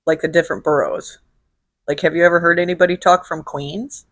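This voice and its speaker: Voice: mid-range voice, steady tone, brisk, a bit bright, no echo. Blunt, profane host from Illinois. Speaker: show host. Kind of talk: casual solo question-and-answer vlog.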